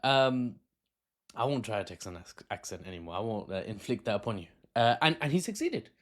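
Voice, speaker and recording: A man's voice: fairly low pitch, big pitch swings, brisk. A man, talking as a political analyst in an unscripted video, chatty and laughing often at his own asides, recorded on a phone camera. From Britain.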